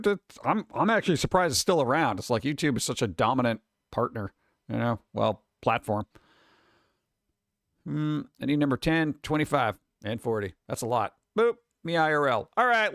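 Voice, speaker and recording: A man hosting a casual live stream, reacting to news and jokes with sarcastic, lively asides. His voice sits somewhat high for a man. The sound is dry and close, with no room around it. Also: normal speed, no echo. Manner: sarcastic, animated asides to viewers. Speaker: streamer reading news and memes.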